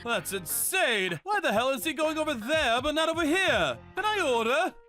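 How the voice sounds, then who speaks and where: A man voicing an irritable young male customer in an animated dub, muttering complaints and snapping into yells. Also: very high voice, moderate pace, soft background music, exaggerated voice. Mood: annoyed. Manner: grumbling asides, sudden yelling.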